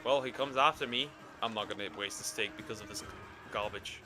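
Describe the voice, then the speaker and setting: A young man streaming a game, chatting casually, cursing and yelling in bursts at the monster he fights. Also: lowish voice, a little fast, music in the background. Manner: excitable, swears, yells at the game. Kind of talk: casual gaming commentary.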